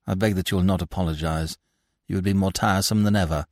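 A man's voice: sits low, fairly even intonation, fast, a little mellow, dry recording, clean studio sound. A man voicing a young male lawyer in hiding who speaks in a cool, sarcastic, mocking way. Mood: dry.

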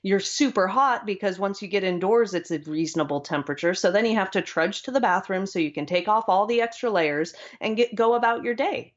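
A woman's voice: mid-range voice, a little fast, few pauses, lo-fi sound. A woman from California co-hosting a podcast, chatting casually with many "like"s and an exasperated manner. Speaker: podcast co-host. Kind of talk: casual chat.

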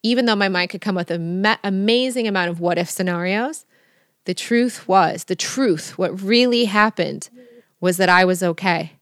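A woman hosting a casual podcast interview, telling stories in an animated, emphatic way. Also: mid-range voice, moderate pace, clear, resonant tone, no echo, studio quality. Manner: animated storytelling, expressive and emphatic. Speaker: podcast host.

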